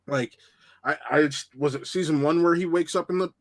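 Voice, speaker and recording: A man's voice: a little high, normal speed. A man who works as a TV and film critic, thinking aloud in a casual review conversation.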